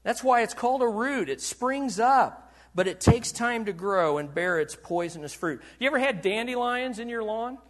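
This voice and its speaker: Male pastor, sermon, high-pitched voice, questions to the congregation, loud bursts then hushed lows. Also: animated, moderate pace. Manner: asks the congregation questions and waits for answers.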